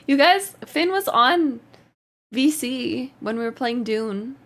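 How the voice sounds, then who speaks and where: A woman talks slowly and a little high as she chats through a live stream. She reads her chat out loud, answers it and laughs often in a casual, easygoing way. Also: expressive. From Canada. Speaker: livestreamer.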